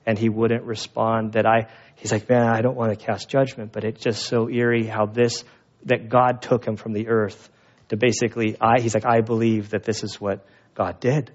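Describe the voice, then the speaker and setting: A pastor giving a sermon, telling stories in a conversational, animated way. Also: male voice, lowish voice, moderate pace, highs cut off. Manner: conversational storytelling with animated asides.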